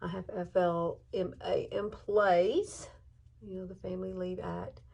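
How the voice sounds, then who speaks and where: Woman, fifties, tired, soft and hesitant, makeup vlog chat, lowish voice. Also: flat delivery, a little slow, creaky, husky, lo-fi sound. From southern United States. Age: 50s. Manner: soft-spoken, hesitant, emotional at times. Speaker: beauty vlogger. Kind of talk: casual makeup tutorial chat. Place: at home.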